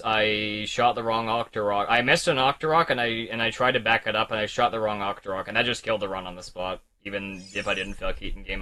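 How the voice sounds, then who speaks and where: A man's voice: on the low side, bright, forceful tone. A young man streaming a speedrun, talking in a frustrated, rambling way and swearing as he goes over his mistakes. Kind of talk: casual live-stream commentary.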